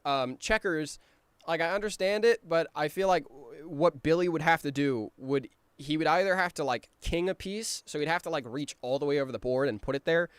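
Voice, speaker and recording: In a medium-pitched, slightly bright voice with a clear, resonant tone, a cartoon creator rambles through commentary on his show. He ums and restarts often, now and then acting out characters' lines quickly, on a dry recording.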